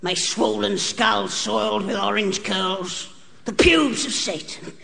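A man performing a stand-up set in a strained, unusually high voice and a deadpan, grotesque absurdist delivery, recorded live on stage. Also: slow, vocal fry, a little hiss or hum. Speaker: stand-up comedian. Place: comedy club stage with a live audience. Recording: archive broadcast of a live show with hall reverb and audience laughter.

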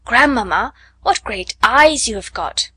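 A woman's voice: fairly high pitch, expressive, measured pace, pushed and bright, breathy edge, no echo, exaggerated voice. A woman voicing a small, innocent girl from a fairy tale, speaking in a raised, wondering, polite tone.

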